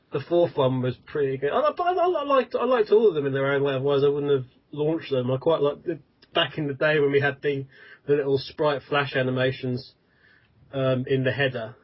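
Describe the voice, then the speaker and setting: Hesitant man, dull lo-fi audio. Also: fairly high pitch. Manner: hesitant, many restarts and ums. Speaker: founder and webmaster of a fan site. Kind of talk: casual podcast chat.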